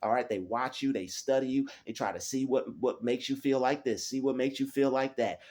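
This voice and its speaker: A man's voice: medium pitch, steady tone, fairly quick, a little mellow. A man giving a motivational spiritual talk alone in a small room, speaking in repetitive, declarative affirmations. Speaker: spiritual vlogger.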